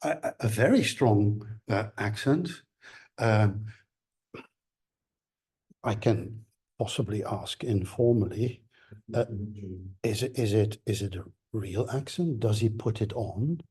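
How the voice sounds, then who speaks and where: A man lecturing at a seminar in a low, mellow, slightly husky voice. He talks in halting stretches, full of "uh" and "you know," and restarts his phrases often. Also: animated. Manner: hesitant, many fillers and restarts. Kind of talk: academic seminar talk.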